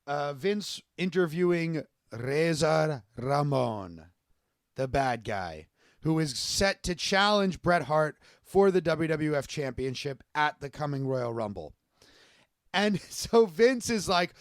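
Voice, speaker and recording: A man recaps wrestling moments on a podcast in a loose, chatty way. He laughs often and swears casually, with a slightly higher voice. The sound is dry and close. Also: very animated, takes it slowly, dry recording. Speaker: podcast co-host.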